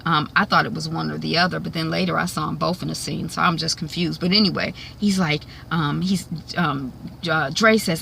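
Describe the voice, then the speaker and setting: A woman's voice: deep voice, fairly even intonation, fairly quick, creaky, a bit bright, slight background noise. A woman giving a casual, chatty TV episode recap, with many fillers and put-on voices when she quotes characters. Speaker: TV recap vlogger.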